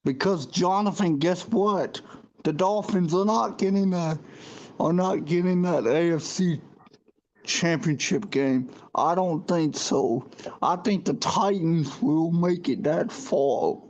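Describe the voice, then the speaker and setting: Slow-talking man on a dull stream. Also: fairly high pitch, darkish tone. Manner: halting, repeats words and restarts. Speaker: show host. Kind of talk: casual livestream sports chat.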